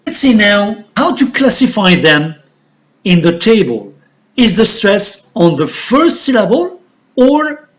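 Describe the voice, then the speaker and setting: Slow, lively-voiced male English teacher. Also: high voice. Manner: slow, deliberate, repeats model words. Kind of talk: recorded pronunciation lesson.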